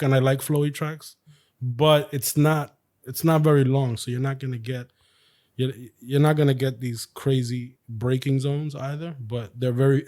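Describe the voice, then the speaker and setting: A man co-hosting a racing podcast in casual chat, talking in a relaxed, rambling way with many fillers. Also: medium pitch. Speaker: podcast co-host.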